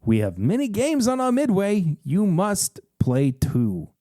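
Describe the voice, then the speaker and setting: A man voicing a menacing carnival barker with an exaggerated, badly done Brooklyn accent, drawing out his threats slowly. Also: sits high, wildly swooping pitch, mellow, no echo, studio quality, pitched above the performer's own voice, exaggerated voice. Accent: put-on Brooklyn, badly done. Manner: slow, drawn-out threats.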